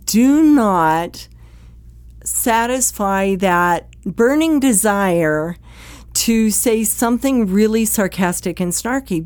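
A woman's voice: lowish voice, a little mellow, dry recording. A direct, plain-spoken woman teaches first responders about communication at home. She talks in a conversational way and briefly acts out quoted exchanges. The recording is dry and close, with almost no room sound.

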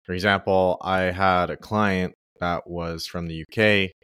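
A young man with a low voice explains his working methods in an easygoing, loosely phrased way. His sound is dry and close, with no room echo. The tone is casual interview talk. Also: steady tone, a little slow, a bit bright, clean tone. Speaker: ghostwriter guest.

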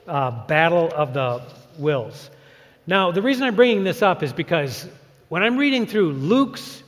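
A man preaching a sermon as pastor, animated and dramatic, acting out crowd shouts. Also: a little high. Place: church sanctuary. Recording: long church reverb.

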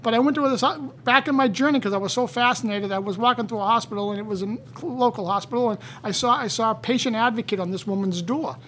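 A man in casual conversation, telling stories in an animated way. He often repeats words and gets louder as he goes. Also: sits high, quick pace, hardly any pauses, a little hiss or hum.

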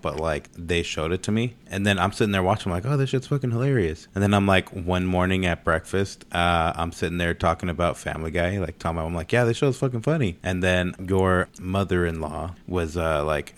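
A young man with a very low, deep voice talks loosely in a casual chat. He swears often and strings his thoughts together with lots of filler words.

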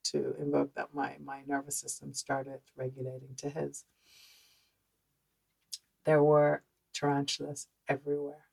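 Low, gravelly woman with a Dutch accent. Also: measured pace, long pauses, rough recording. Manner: animated, conversational, many fillers. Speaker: podcast host. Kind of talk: personal storytelling monologue.

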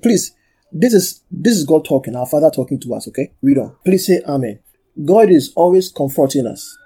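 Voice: mid-range voice, animated, normal speed, mellow, slightly rough. A pastor preaching and teaching from the Bible, repeating key phrases for emphasis, calling for amens and asking the congregation to read aloud. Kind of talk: sermon and Bible study.

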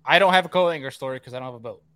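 A man's voice: mid-range voice, very fast, pushed and bright, clean tone. A man hosting a casual fishing podcast who introduces guests and laughs often. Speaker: podcast host.

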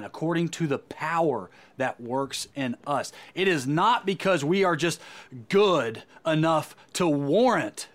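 Earnest, emphatic male preacher. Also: on the high side. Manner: earnest and emphatic, with frequent repeated words. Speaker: Christian speaker. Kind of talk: sermon.

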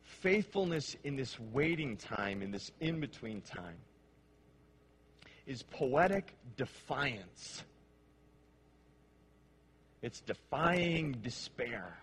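A male pastor preaching a sermon with passion, dropping to hushed, slow phrases and then rising to emphatic ones. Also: mid-range voice, very animated, breathy edge. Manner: impassioned, swings between hushed and emphatic.

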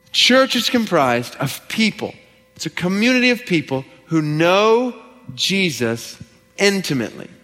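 Man, pastor, sermon, slightly high voice, emphatic repetition, church sanctuary, long hall echo. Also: sing-song, a little slow, sharp tone. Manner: earnest, emphatic, repeats key lines for stress. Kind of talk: expository sermon. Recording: long reverb from a large hall.

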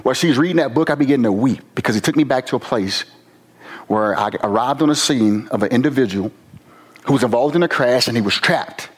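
A man from Virginia, a former police officer, giving an earnest, emotional personal testimony with slow pauses. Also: mid-range voice, breathy edge. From Virginia, USA.

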